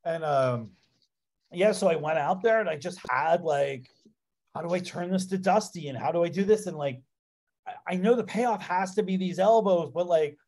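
A man being interviewed as a guest, telling stories in a casual, animated way with lots of "like" fillers. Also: high voice, moderate pace. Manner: animated, filler-heavy with frequent "like". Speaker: interview guest, pro wrestler. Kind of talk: casual anecdotal storytelling.

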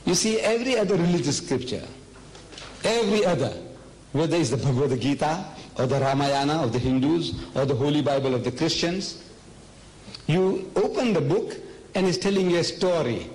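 An older man with a South African accent giving an emphatic public lecture on religion, full of rhetorical questions, sometimes dropping to a low murmur. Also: lively intonation, a little fast, darkish tone, rough recording.

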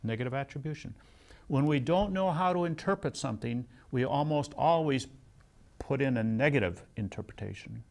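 A man's voice: mid-range voice, moderate pace, vocal fry, darkish tone. An older man giving a seminary lecture in a conversational way, telling personal stories with self-deprecating humor. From United States.

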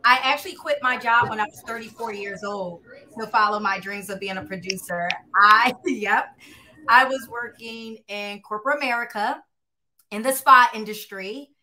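A woman's voice: on the high side, normal speed, sharp tone. A woman in her thirties with a Philadelphia accent, telling her story as an interview guest in a candid, easygoing way and laughing easily. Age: 30s. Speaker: guest, producer and director.

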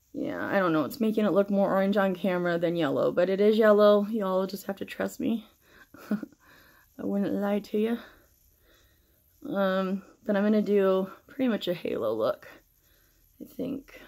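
A woman's voice: mid-range voice, moderate pace, gravelly, long pauses, darkish tone. A middle-aged woman chatting casually through a makeup tutorial, rambling and swearing freely while shaken and stressed. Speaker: makeup vlogger.

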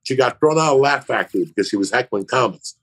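With lively intonation and a fairly bright tone, a fast-talking man of medium pitch spins a rambling, profane tale as a podcast guest. This comedian's voice is gravelly and husky, and he voices the other characters himself.

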